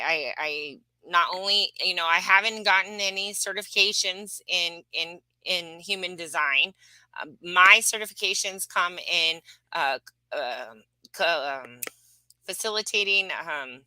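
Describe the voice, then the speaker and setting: A woman's voice: on the low side, pushed and bright, no echo, poor audio. A woman reading human design charts, talking casually and emphatically, rambling with fillers. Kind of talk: casual spiritual teaching chat.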